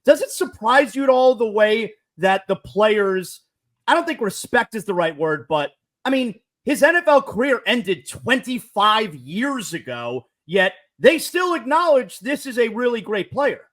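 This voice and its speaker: A man's voice: high-pitched, sing-song, measured pace, a bit bright. A man hosting a sports talk show, asking his guest conversational questions with some hedging.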